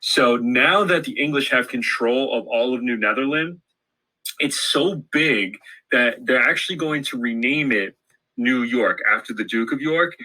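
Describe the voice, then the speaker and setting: A man's voice: medium pitch, measured pace, bright, forceful tone, low-quality recording. A man co-teaching a recorded history lesson, breaking in with emphatic interjections. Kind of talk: classroom lesson screencast.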